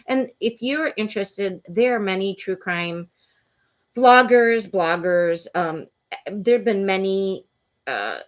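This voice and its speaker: Woman host, casual true crime rant, fillers, mid pitch. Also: animated, takes it slowly, highs cut off. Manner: opinionated, indignant, rambling with fillers.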